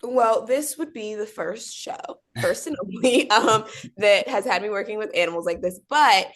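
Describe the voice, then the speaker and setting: A woman's voice: medium pitch, normal speed, a bit bright. A young woman answering interview questions in a bubbly, chatty way, with many fillers and acted-out quotes. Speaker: actor being interviewed.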